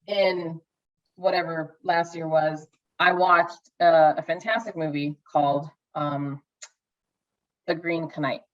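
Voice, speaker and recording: A woman's voice: deep voice, steady tone, takes it slowly, lo-fi sound. A woman co-hosting a podcast in casual chat about films, gushing and rambling with many restarts and acted-out asides. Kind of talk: casual movie review chat.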